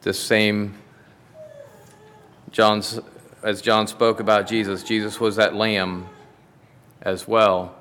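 A man's voice: lowish voice, little pitch movement, slow pace, long pauses, fairly bright tone. A man preaching a sermon, reading a Bible story aloud in an earnest, dramatic way. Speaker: pastor. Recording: long hall reverb.

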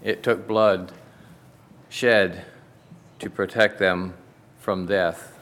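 A man preaching in a church, his voice set fairly low. He reads a Bible story aloud with earnest, dramatic storytelling. A long reverb trails every phrase. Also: fairly even intonation, extremely slow, fairly bright tone. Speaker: pastor.

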